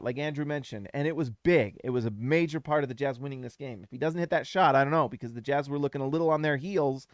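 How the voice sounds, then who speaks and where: A man hosting a live basketball reaction stream, talking emphatically and getting louder as he gets hyped, his voice going hoarse. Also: on the high side, no room sound. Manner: animated, emphatic, rises to shouts when hyped. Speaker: basketball show host.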